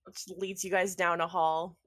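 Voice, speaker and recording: Woman game master, tabletop narration, casual, hesitant fillers, lowish pitch. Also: little pitch movement, moderate pace, fairly bright tone. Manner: casual, hesitant with many fillers, laughs easily.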